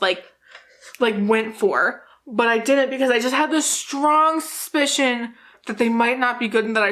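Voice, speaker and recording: This is a tipsy New Jersey woman doing a makeup vlog, with a fairly high pitch and fairly bright tone. The chat is loose and rambling, full of giggles and free swearing.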